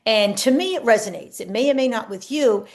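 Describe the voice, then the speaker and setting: A woman spiritual coach talking casually to camera in an earnest, reflective way, sometimes slipping into soft spoken affirmations. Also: on the high side, animated, fairly quick.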